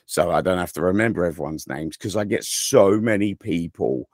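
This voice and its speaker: A middle-aged English man, deep-voiced, chatting casually and telling stories. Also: darkish tone, dry recording, clean studio sound. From England. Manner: deep-voiced, mumbles words quickly. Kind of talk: casual storytelling chat.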